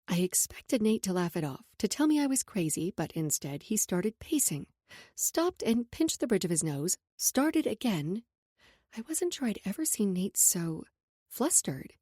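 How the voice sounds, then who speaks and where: Expressive woman narrating a romance audiobook. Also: mid-range voice, moderate pace, breathy edge, no room sound, studio quality.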